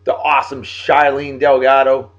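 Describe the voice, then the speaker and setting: A jovial man, talking casually to his viewers as a show host. His delivery is folksy and animated, with big swings in pitch. The sound is a bit dull, like a simple home recording. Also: normal speed. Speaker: host of a daily beer and song video show. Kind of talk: casual shout-outs monologue.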